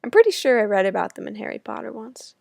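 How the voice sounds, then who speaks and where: A woman's voice: a little high, big pitch swings, quick pace, vocal fry, darkish tone, dry recording. A young American woman from the States reading her own personal essay aloud with wry, self-mocking humor. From United States. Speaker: student writer.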